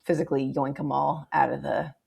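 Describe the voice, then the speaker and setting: A woman's voice: fairly quick, vocal fry, husky. A woman co-hosting a book club podcast, casually retelling scenes and acting out characters' lines. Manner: animated retelling, acting out characters' lines with big pitch jumps.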